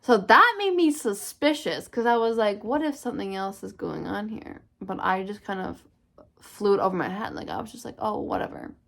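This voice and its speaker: With a medium-pitched voice, vocal fry and a moderate pace, a young woman vlogger shares a frank, profanity-laced personal story, acting out what others said with animation. A slight hiss or hum sits in the recording.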